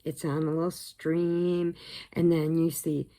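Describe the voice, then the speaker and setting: A middle-aged woman telling long, animated stories in a casual vlog, laughing at her own jokes. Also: sits low, measured pace. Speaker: crochet vlogger. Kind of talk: casual storytelling.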